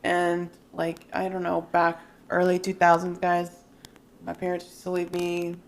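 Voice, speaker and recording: A woman in her thirties co-hosting a podcast, telling animated, sweary childhood stories in casual chat. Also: lowish voice, measured pace. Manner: animated storytelling, swears freely. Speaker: podcast co-host.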